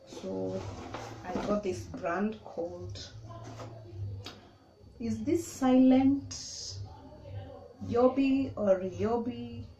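A woman's voice: mid-range voice, drawn-out words, long pauses, mellow, lo-fi sound. A woman, showing how to use a tool in a casual, step-by-step way. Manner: plain, step-by-step explaining. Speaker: DIY vlogger. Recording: echoey room with clear noise.

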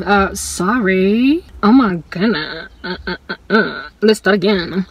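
A woman's voice: medium pitch, husky, poor audio. A young woman from South Africa with a South African accent, chatting casually as a Christian vlogger and filling her talk with "like" and "uh". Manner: chatty and quick, lots of "like" and "uh" fillers. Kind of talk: casual chat between sung song parodies.

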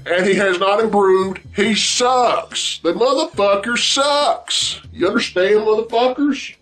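High-voiced man in a profane rant. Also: takes it slowly, fairly bright tone. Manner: blunt, heavy swearing, repetitive. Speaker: vlog host ranting about wrestling. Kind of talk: profane angry rant to camera.

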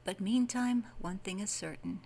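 A woman's voice: mid-range voice, normal speed, vocal fry, darkish tone. Woman reading as the wise, kingly Old Man of the Sea. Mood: calm. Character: majestic kingly ageless sea spirit, calm and wise.

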